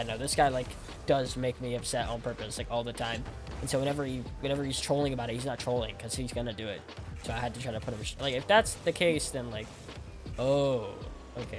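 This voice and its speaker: A young man talking casually to his stream chat while gaming, rambling with lots of "like" and repeated words. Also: mid-range voice. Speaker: game streamer.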